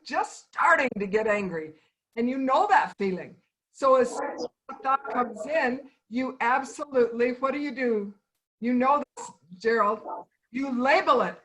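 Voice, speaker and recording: Woman trainer, high-ish voice, methodical, repeats points, video call. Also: fairly bright tone, rough recording. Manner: instructive, stepwise with repeated emphasis. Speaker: anger management trainer. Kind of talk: online training talk.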